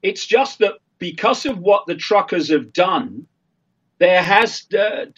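An older man speaking as a talk-show guest in an earnest, emphatic monologue, halting with fillers and with a frog in his throat. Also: high-pitched, lively intonation, fairly bright tone, slightly rough, muffled recording.

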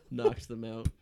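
A young man hosting a comedy podcast, improvising a story with frequent chuckles. His mid-pitched voice has a strong gravelly fry. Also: dark tone. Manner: giggly, chuckles while narrating.

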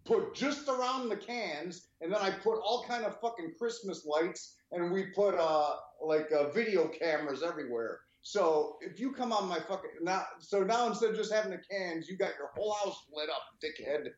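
Brief: male co-host, heated and foul-mouthed, slightly high voice, echoey dull lo-fi recording. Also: normal speed, few pauses. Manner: profane, heated and animated. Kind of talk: casual podcast storytelling. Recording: roomy, dull lo-fi sound.

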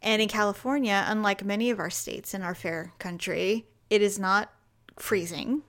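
A woman's voice: medium pitch, steady tone, normal speed, a bit bright. A woman co-hosting a podcast in casual chat, chatty and teasing, a bit stuffy from allergies. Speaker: podcast co-host.

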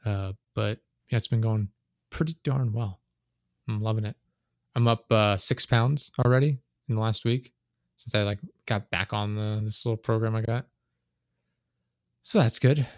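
On his podcast, a young man talks at normal speed in a steady, lowish voice, taking long pauses as he rambles, swears, and says "like" constantly. It's a casual chat captured on a desk microphone, clean studio sound, no room sound.

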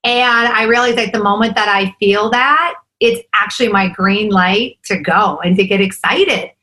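Woman, forties, podcast guest, eager, bright tone, keeps saying "right?". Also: mid-range voice, moderate pace, poor audio. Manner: enthusiastic, fillers like "right?" and "like". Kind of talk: casual interview chat.

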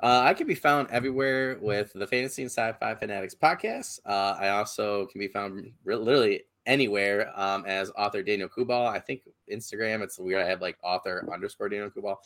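A man's voice: lowish voice, a little fast, hardly any pauses, a bit bright. A man who hosts a podcast and writes, talking eagerly and in a rambling way on a video call. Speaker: podcast host and author. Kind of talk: casual podcast chat.

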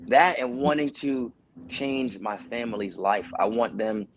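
A man's voice: medium pitch, measured pace, a little hiss or hum, poor audio. A man, an actor and dancer, telling stories in a casual interview and acting out the people he quotes. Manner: animated storyteller who acts out voices of people he quotes.

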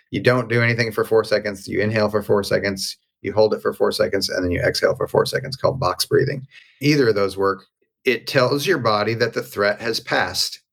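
A man's voice: lowish voice, creaky. A man being interviewed, telling a personal story in a candid, conversational way and acting out the dialogue. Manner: animated, acts out quoted dialogue. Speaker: interview guest.

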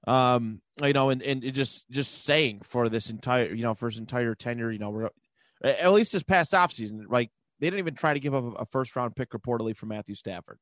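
A man's voice: mid-range voice, a little fast, a bit bright, no echo. Rambling man in casual sports chat. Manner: rambling, loose, laughs often, swears. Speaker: podcast co-host.

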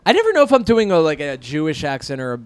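A man riffs through comedic podcast chat, trailing off mid-thought and jumping between loud and quiet. His voice sits a little high, and the recording is dry and close. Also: wildly swooping pitch, fast talker, smooth, no room sound. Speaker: podcast co-host, stand-up comic. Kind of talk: casual comedic banter.

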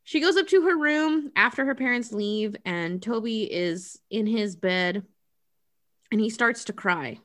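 Woman, podcast host, casual movie recap, sarcastic, swears a lot, bright voice. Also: a little high, expressive, a little slow. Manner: chatty, profane, sarcastic.

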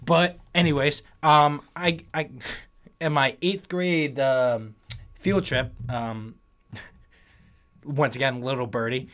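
A man's voice: mid-range voice, steady tone, slow pace, a bit bright. A young man co-hosting a podcast, telling self-mocking stories in casual chat. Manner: joking, self-mocking storyteller.

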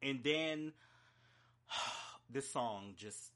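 A man's voice: medium pitch, extremely slow, pushed and bright. A man reviewing an album in an unscripted, emotional rant, talking in a profane, heated and emphatic way. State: choked up. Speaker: music reviewer.

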